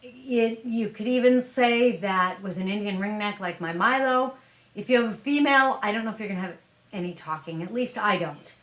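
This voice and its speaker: Woman, vlog host, chatty and musing, mid pitch, roomy echo. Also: moderate pace, a bit bright. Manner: chatty, musing, thinks aloud with hedges. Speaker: parrot-keeping vlogger. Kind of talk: casual explainer vlog. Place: at home, handling a parrot. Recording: echoey room.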